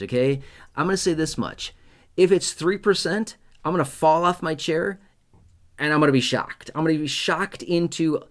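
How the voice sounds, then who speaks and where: A man with a mid-pitched voice hosts an online explainer, talking straight to his viewers about their comments. He makes his points emphatically, repeats key lines, and keeps checking in with a quick "okay?". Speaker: YouTube host on retirement benefits. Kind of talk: direct-to-camera explainer talk.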